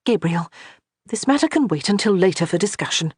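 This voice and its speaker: A narrator voicing a kind, calm young noblewoman in an audiobook. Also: medium pitch, fairly quick, breathy edge, no room sound, studio quality, pitched above the performer's own voice. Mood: gentle. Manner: soft, reassuring. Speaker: character in an audiobook. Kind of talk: audiobook character reading.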